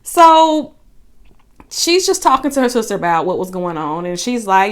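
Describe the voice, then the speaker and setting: A woman's voice: fairly high pitch, big pitch swings. A woman recapping a reality show in a casual, chatty way, with sassy asides. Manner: chatty, sassy asides, quick paraphrased quotes.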